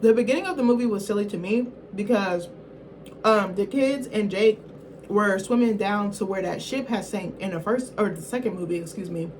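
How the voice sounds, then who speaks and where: A woman's voice: medium pitch, normal speed, darkish tone, a little hiss or hum, poor audio. A woman vlogger giving a casual, rambling film review, swearing freely and acting out characters in quotes. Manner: chatty, profane, acts out characters in quotes; rambling, self-correcting, apologetic asides.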